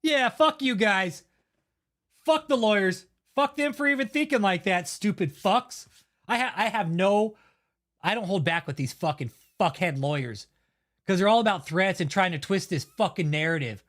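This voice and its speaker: A man's voice: high voice, animated, normal speed, fairly bright tone. A man hosting his own channel, delivering a heated, heavily profane and blunt rant of commentary. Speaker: channel host. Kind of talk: angry ranting commentary.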